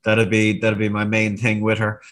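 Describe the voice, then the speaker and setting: A man's voice: fairly low pitch, monotone, moderate pace, fairly bright tone. A man giving horse racing picks on a podcast, stammering and repeating words. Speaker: racing pundit. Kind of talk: casual podcast chat.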